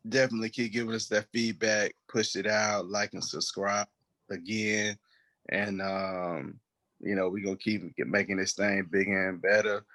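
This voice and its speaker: Slow-talking tipsy man with hiccups. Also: fairly low pitch, a bit bright. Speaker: podcast co-host. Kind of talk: casual chat.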